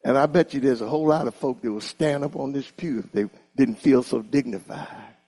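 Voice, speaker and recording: A man preaching a sermon in an animated style, calling on the congregation to repeat after him. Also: mid-range voice, fairly quick, slightly rough. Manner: animated, call-and-response with congregation.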